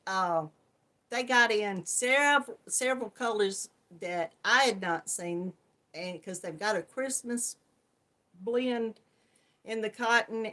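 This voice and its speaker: A woman's voice: mid-range voice, a bit bright. A woman hosting a crafting channel, chatting casually on a live stream, laughing often and greeting viewers by name.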